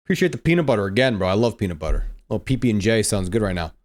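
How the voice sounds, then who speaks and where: A man's voice: on the low side, big pitch swings, very fast. Laid-back young man streaming trading lessons. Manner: laid-back, slangy, says bro and dude. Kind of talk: casual live-stream teaching.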